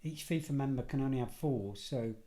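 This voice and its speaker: A middle-aged English man, a podcast guest, telling lively anecdotes in a casual conversational way and often correcting himself mid-sentence. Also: mid-range voice, brisk. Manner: animated anecdotal storyteller, self-correcting. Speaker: podcast guest, former detective and security head. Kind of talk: casual storytelling.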